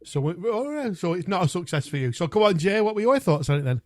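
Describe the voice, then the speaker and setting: A man's voice: high-pitched, sing-song, fast. A man hosting a podcast, reviewing albums in casual chat, chatty and self-mocking, with a lot of swearing. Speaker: podcast host.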